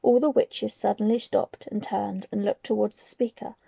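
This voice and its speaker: A woman from Cornwall reading a children's book aloud with expressive storytelling. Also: mid-range voice, moderate pace, creaky, husky, no echo, dull audio. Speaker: reader.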